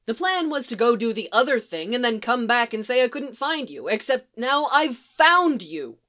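A woman's voice: a little high, sing-song, normal speed, bright, forceful tone. A woman voicing an exasperated young male prince who talks defensively and grumbles.

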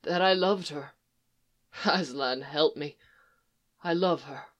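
A woman voicing a tender-hearted young male faun in a storybook reading, speaking in halting, broken-off phrases. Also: mid-range voice, animated, highs cut off. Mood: tearful.

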